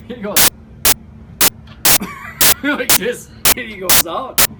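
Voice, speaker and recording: A man's voice: high voice, drawn-out words, recorded from a distance, loud music behind the voice, rough recording. A man telling a story to friends in a casual, profane way, acting out what people said. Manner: animated, profane, acts out quotes. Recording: loud background noise.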